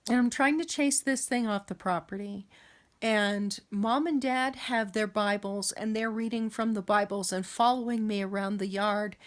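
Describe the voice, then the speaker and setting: A woman telling a story about a dream in a casual, rambling way, with many pauses and restarts. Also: medium pitch, steady tone. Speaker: vlogger recounting dreams. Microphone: camera.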